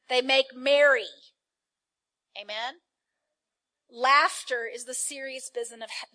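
A woman preaching a sermon in a lively way, calling out to her congregation for responses. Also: a little high.

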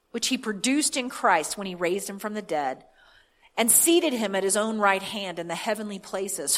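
A woman's voice: mid-range voice, fairly bright tone. A woman pastor reading scripture aloud and preaching a sermon, building to fervent declarations. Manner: reads scripture aloud then preaches with rising fervor.

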